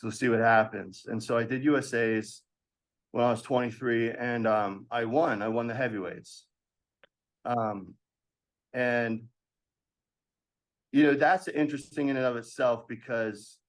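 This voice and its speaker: A man in his thirties, a podcast guest telling an animated story from his past and acting out the voices of others with laughs. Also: mid-range voice. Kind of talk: storytelling in a casual interview.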